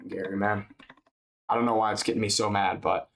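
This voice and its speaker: A man's voice: on the low side, steady tone, quick pace, a bit bright. A young man hosting a reaction video, rambling in an exasperated, slangy, profane way. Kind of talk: casual reaction commentary.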